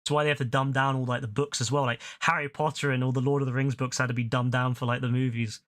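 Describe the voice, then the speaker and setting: Ranting British man, bright dry voice. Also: medium pitch, little pitch movement, quick pace, dry recording. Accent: British English. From England. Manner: ranting, swears often, laughs loudly. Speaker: streamer. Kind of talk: casual gaming stream chat.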